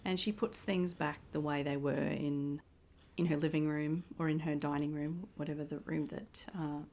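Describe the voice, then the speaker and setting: A woman's voice: sits low, fairly even intonation, moderate pace, a little mellow. A woman co-hosting a podcast, chatting casually and with amusement about a TV episode. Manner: chatty, amused, laughing between remarks. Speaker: podcast co-host. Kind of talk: casual TV episode recap chat.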